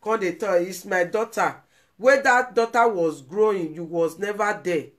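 A woman's voice: mid-range voice, animated, normal speed. A woman with a Nigerian accent giving emotional, pleading commentary on a live video, repeating herself for emphasis. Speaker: vlogger.

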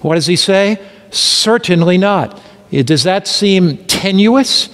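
A man's voice: high voice, expressive, slow, a bit bright. Emphatic man preaching in a reverberant hall. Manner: emphatic rhetorical questions, answers them himself. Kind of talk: sermon.

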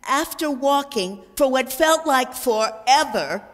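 A woman reading a children's storybook aloud as narrator, in an expressive storytelling manner. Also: sits high, takes it slowly. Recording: long reverb, faint background music.

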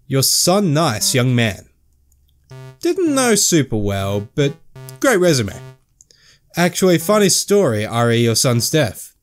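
A young man commentating a video game, who reads the inner thoughts in choppy broken grammar and swears casually while joking. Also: mid-range voice. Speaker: gamer playing and reading a game. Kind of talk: let's play commentary.

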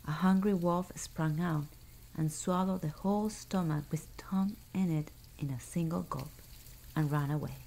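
A woman reading a fairy tale aloud in a soft, hushed, unhurried ASMR bedtime style. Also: low-pitched, low-quality recording. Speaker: storyteller.

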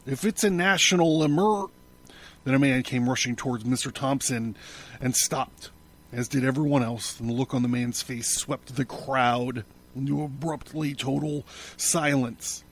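A man, host of a podcast, narrating a novel in a measured, steady audiobook reading. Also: medium pitch.

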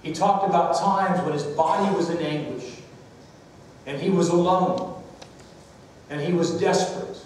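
A male pastor preaches a sermon in a church sanctuary, moving from storytelling to calls for amens. His voice is fairly high. It reaches the mic from a distance, with long reverb around it. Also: fairly even intonation, a little slow, long pauses, darkish tone, a little hiss or hum.

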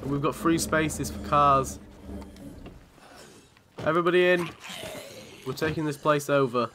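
Sweary, bright-voiced game commentator. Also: male voice, a little high, unhurried, a little hiss or hum. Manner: sweary, chatty, laughs often. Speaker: gaming channel host.

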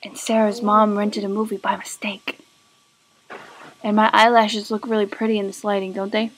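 A woman's voice: mid-range voice, little pitch movement, moderate pace, rough recording. A young woman making a silly late-night webcam vlog in a hotel room, singsong and whispery by turns. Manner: singsong, silly, dropping to whispers then squealing. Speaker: vlogger. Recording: loud background noise.

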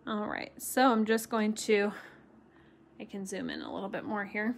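A woman's voice: medium pitch, moderate pace, vocal fry. A woman teaching a live-streamed craft tutorial, chatty and encouraging, chatting with viewers and laughing often. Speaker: watercolor stamping instructor.

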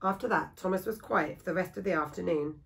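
Female reader, storybook read-aloud for children, steady and expressive. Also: lowish voice, fairly quick, gravelly, rough recording. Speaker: school staff reader.

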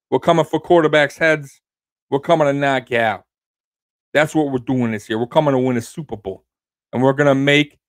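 A man hosting his own sports prediction show, brash and trash-talking, swinging between loud hype and low growly asides and tagging lines with "baby". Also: normal speed, no echo, clean studio sound. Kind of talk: fan score prediction rant.

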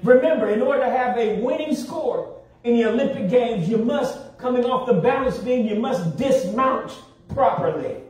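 A man preaching a sermon in a church, with call-and-response and drawn-out emphasis. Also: very high voice, expressive, darkish tone. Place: church sanctuary. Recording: very echoey hall, distant mic.

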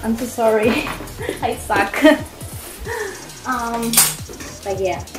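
A young woman from Argentina, casually chatting through an unboxing as a gushing, excitable fan who giggles and says "um" often. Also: fairly high pitch, drawn-out words, pauses often, rough recording. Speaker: vlogger. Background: faint background music.

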